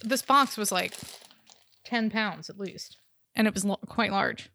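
A woman's voice: mid-range voice, a little slow, bright, forceful tone, dry recording. A woman co-hosting a podcast in casual, rambling chat over a call, laughing often. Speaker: podcast co-host. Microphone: remote call recording.

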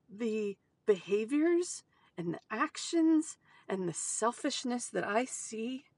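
A woman speaking in an emotional personal monologue as a mother, halting, with sudden outbursts and soft whispered asides. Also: a little high. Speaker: mother sharing personal experience.

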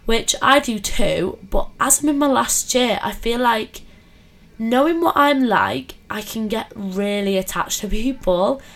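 A woman's voice: on the high side, measured pace. Chatty young woman. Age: 20s. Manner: chatty, animated, many fillers and laughs. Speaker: podcast host. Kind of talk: casual storytelling chat.

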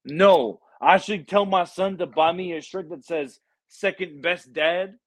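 A man's voice: high voice, a little slow. A man hosting a casual podcast chat, laid-back and slangy, often agreeing with his guest.

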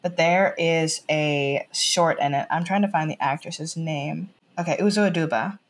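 A woman's voice: low-pitched, moderate pace. An American woman chatting as a podcast guest. She rambles, fills her talk with "like" and restarts, and retells scenes by quoting the lines. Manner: rambling, full of "like" fillers and restarts. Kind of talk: casual podcast chat.

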